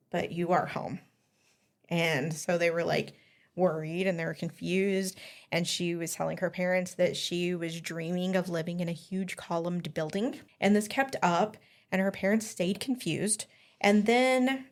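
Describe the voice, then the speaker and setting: A woman hosting a podcast, casually telling a story with lots of ums and small laughs. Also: fairly low pitch. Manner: chatty, giggly, many ums. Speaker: podcast host.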